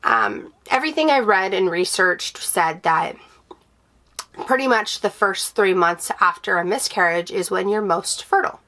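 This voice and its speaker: A woman's voice: mid-range voice, expressive, a little slow, a bit bright. A woman sharing a personal update in a vlog, candid and emotional, with many fillers and restarts, reassuring her viewers. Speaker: vlogger, stay-at-home mom.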